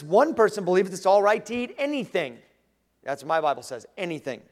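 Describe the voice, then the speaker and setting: A man preaching a sermon as pastor, animated, acting out the voices he quotes. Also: high-pitched. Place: church sanctuary. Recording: long reverb of a large room.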